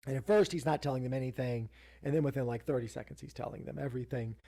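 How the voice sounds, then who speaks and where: A man's voice: mid-range voice, quick pace, warm tone. A man co-hosting a podcast, recapping a TV episode in a casual, rambling way, full of fillers and self-interruptions. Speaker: podcast co-host.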